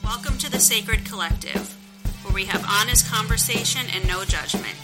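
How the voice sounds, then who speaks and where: A woman's voice: mid-range voice, normal speed, rough recording. A woman reading a scripted, inviting podcast introduction. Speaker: show announcer. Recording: voice over loud music bed. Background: loud music.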